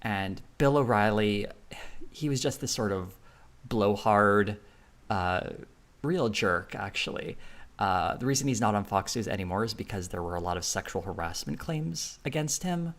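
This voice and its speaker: A man's voice: lowish voice, expressive, moderate pace, fairly bright tone. A man streaming live, talking casually in a rambling way with lots of fillers and frequent laughs.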